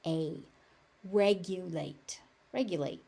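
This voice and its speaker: Woman, American accent, pronunciation tutor, very slow, careful word-by-word repetition. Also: mid-range voice, expressive, a little mellow. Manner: repeats each word slowly and carefully.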